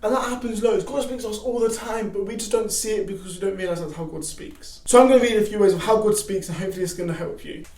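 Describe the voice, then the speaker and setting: Young guy talking about faith, high voice, lively, echoey garage from a bit far off. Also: quick pace, hardly any pauses. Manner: animated, acts out excited quotes with shouts. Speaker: youth vlogger giving faith advice. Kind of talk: casual devotional talk to camera.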